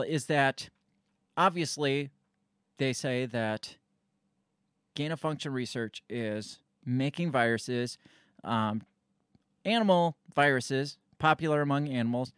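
A man's voice: mid-range voice, a little slow, smooth, no echo, studio quality. A man giving loose, rambling commentary on a news clip, sarcastic and swearing casually.

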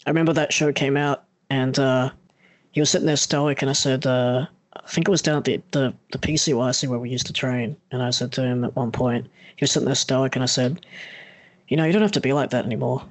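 A man's voice: mid-range voice, level tone, brisk, no room sound. A young man hosting a casual podcast interview, telling stories animatedly, swearing freely and acting out quoted lines. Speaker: podcast host.

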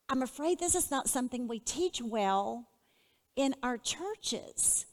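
A woman teaching a Bible lesson in an earnest, measured way, putting questions to her listeners. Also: sits high, animated, big-room sound.

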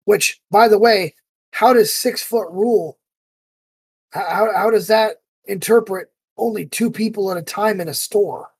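Husky guy on a podcast, dry sound, really gets into acting out his story. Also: sits high, moderate pace, no echo. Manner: animated storyteller acting out heated quotes. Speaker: podcast co-host. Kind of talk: casual chat.

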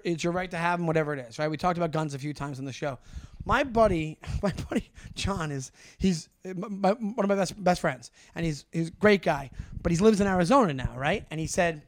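New male podcast co-host, quick, high-pitched, animated storyteller. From Long Island, New York. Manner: animated storyteller, swearing, many restarts. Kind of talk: casual chat.

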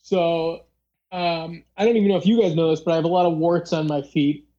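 A podcast host telling a story in a loose, casual way, full of fillers and acted-out dialogue. The voice sits at a middle pitch with a mellow, darker tone. The recording sounds slightly dull and lo-fi. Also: steady tone, brisk. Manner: rambling, filler-heavy, acts out dialogue.

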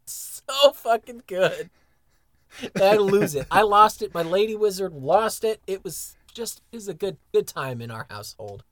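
A podcast co-host in casual chat, animated and laughing often while recounting favorite moments. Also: male voice, high voice, normal speed, hardly any pauses, no room sound.

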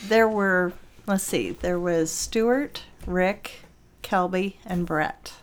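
An older woman tells stories from her early years, taking her time with each memory. Her voice sits a bit low and her delivery is slow and thoughtful, like relaxed conversation. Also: clean tone. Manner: slow, reflective storytelling. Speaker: podcast guest. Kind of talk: casual interview.

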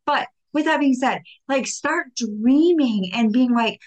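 A woman's voice: a little high, slow. Chatty woman giving a faith talk. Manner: conversational, many "like" fillers, acts out little dialogues. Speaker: podcast host. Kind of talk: faith-based motivational talk.

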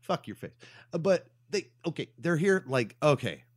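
A man from Texas riffs through a movie recap with a lively, swooping pitch and plenty of swearing. His voice sits a little high and he laughs often. The sound is close and dry. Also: normal speed, dry recording. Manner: animated, profane, laughs often. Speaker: podcast co-host. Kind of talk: casual movie-recap banter.

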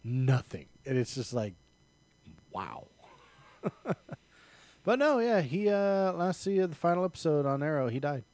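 A man's voice: on the high side, big pitch swings, a little slow, long pauses, a little mellow. A man co-hosting a casual podcast chat, explaining things eagerly. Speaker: podcast co-host.

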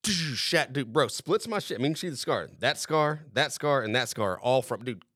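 A young man spins a long, profane anecdote in a loose, rambling way. His voice sits at an ordinary middle pitch. The room sounds dry and close. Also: moderate pace, no room sound. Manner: profane, rambling, animated storyteller. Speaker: podcast host. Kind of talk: casual storytelling.

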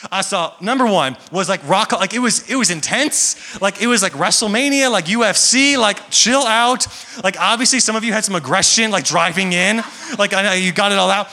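A man's voice: high-pitched, bright, forceful tone. A young man preaching to a church congregation, talking casually and joking. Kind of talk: sermon. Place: large church hall. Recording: echoey hall with long reverb.

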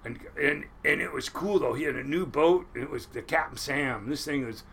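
High, bright-voiced older man telling stories. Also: normal speed, gravelly, husky. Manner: rambling, profane, laughs often, acts out voices. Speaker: storyteller guest. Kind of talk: casual storytelling interview.

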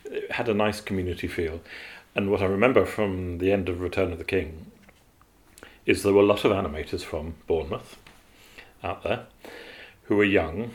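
A man's voice: low-pitched, moderate pace. A man, an animator, telling long stories about his work in an interview, with many fillers and restarts. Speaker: animator guest. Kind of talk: interview storytelling.

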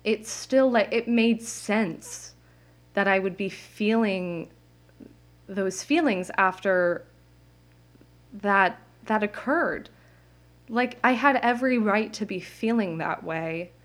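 A young woman talks through her own podcast from home, open and rambling, with plenty of "like" fillers and little laughs. Her voice sits at a medium pitch for a woman, and she speaks in a casual, unscripted way. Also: slow pace. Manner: candid, rambling, many "like" fillers, laughs often. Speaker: podcast host. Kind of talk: casual solo podcast monologue. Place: home, indoors.

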